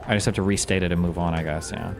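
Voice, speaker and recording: A man's voice: deep voice, fairly even intonation, quick pace, vocal fry. Man, streamer, reacting off the cuff; rambling, self-mocking, swears freely, with faint music underneath. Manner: rambling, self-deprecating, profane. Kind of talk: casual commentary while gaming.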